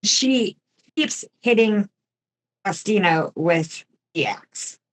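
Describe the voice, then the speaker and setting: Slow, chatty woman telling a crime story. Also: medium pitch, expressive, low-quality recording. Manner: chatty, jokey asides while telling a grim story. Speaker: podcast host. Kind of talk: casual true crime storytelling.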